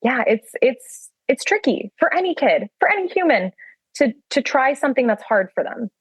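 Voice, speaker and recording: A woman's voice: sits high, big pitch swings, moderate pace, slightly rough, no echo, low-quality recording. A middle-aged woman, a guest on a podcast, chatting casually and laughing often as she talks. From United States. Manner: warm, laughs often while talking.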